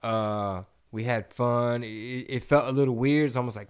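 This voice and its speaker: A man's voice: medium pitch, steady tone, moderate pace, hardly any pauses, clear, resonant tone. Laid-back storytelling man from Texas. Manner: laid-back storyteller, acts out voices in anecdotes. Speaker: podcast co-host and comedian. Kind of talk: casual podcast chat.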